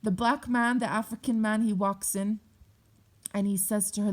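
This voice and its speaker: Brief: woman vlogger, intense emotional storytelling, swears often, mid-pitched voice. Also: fairly even intonation, normal speed. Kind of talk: personal storytime vlog.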